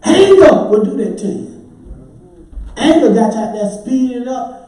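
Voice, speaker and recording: A man, a pastor, preaching a sermon with lively voices for his congregants, breaking into shouts and sung phrases. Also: very high-pitched, unhurried. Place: church sanctuary. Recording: echoey church heard from far off.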